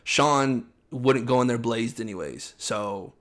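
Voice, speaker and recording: Fast-talking opinionated young man. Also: mid-range voice, a bit bright. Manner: fast, opinionated, acts out coaches' lines in quotes. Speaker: podcast co-host. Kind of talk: casual chat.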